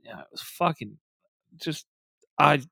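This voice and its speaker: A man's voice: on the high side, animated, a little slow, creaky, sharp tone, no echo. A man co-hosting a casual podcast, ranting with constant swearing and exasperation. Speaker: podcast co-host. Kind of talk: casual podcast review chat.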